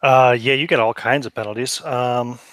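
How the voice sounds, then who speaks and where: A man's voice: medium pitch, fairly even intonation, moderate pace, fairly bright tone, no room sound. A man running a tabletop horror game as game master, explaining rules casually with fillers.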